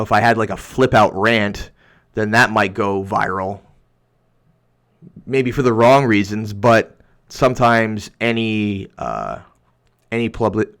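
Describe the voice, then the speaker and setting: Somewhat low but a bit bright, this young YouTuber's voice carries a heated, rambling rant as he reads chat aloud on his livestream, restarting often.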